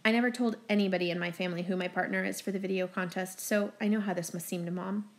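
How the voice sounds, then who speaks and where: Woman reading a teen audiobook out loud, first person, brisk and expressive. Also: medium pitch. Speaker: audiobook narrator.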